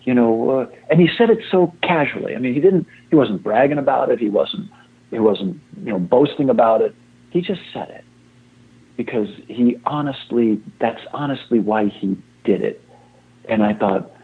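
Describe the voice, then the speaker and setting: A man's voice: medium pitch, lively intonation, moderate pace, gravelly, breathy edge. A man in his sixties, a fire chief, talking as an interview guest in a rambling, self-deprecating way and repeating himself often. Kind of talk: casual interview talk. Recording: tinny phone-line sound.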